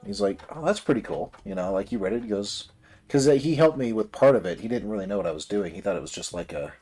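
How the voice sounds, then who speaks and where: A man's voice: lowish voice, fast talker, warm tone, soft background music. A man telling a long personal story in a rambling, casual way while building a model kit on a livestream. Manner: rambling, many fillers and restarts.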